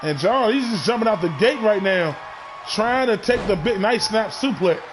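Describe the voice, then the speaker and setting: A man doing excitable play-by-play commentary of a wrestling match, often shouting his calls. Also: sits high, normal speed, background noise.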